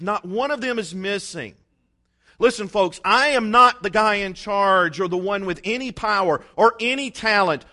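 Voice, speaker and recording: A male pastor preaching a sermon, emphatic, with dramatic pauses and acted-out quotes. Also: sits high, sharp tone.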